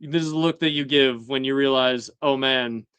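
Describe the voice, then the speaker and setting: A man's voice: mid-range voice, fairly even intonation, brisk, a bit bright, clean tone, dry recording. A young man hosting a casual live-stream, talking animatedly with laughs and acting out characters' lines. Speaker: host.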